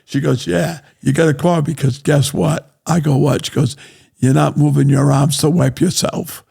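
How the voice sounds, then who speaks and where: An older man from Rhode Island, appearing as a guest on a talk show, tells casual stories bluntly and with plenty of profanity, often tossing in "right?" and laughing along the way. His voice sits fairly high with little pitch movement and a moderate pace, and it sounds creaky, mellow, and slightly rough.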